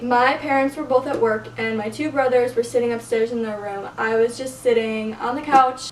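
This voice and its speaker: Woman rambling thru stories on her vlog, lots of "like" and cussing, high voice, echoey room with faint hiss. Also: far from the mic. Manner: chatty, profane, filler-heavy, says "like" constantly. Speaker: vlogger. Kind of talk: casual storytelling to camera. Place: bedroom.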